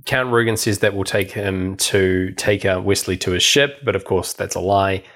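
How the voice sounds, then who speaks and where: A man's voice: deep voice, moderate pace, a bit bright. A man co-hosting a podcast, casually recapping a film with a chatty, laughing manner. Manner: chatty, laughing, lots of fillers. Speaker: podcast co-host.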